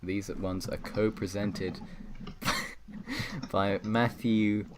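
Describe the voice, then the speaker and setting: A man's voice: fairly low pitch, fairly even intonation, extremely slow, background noise. A young man hosting a podcast over an online call, rambling and self-correcting as he hands out jokey awards. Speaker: podcast host presenting awards. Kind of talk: casual chat on an online call.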